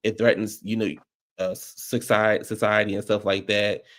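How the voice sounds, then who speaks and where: A man with a fairly low voice hosts a casual livestream chat into his streaming mic. He rambles loosely, circling back with plenty of "like" and restarts. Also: level tone, moderate pace, a bit bright. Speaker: livestream host. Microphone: streaming microphone.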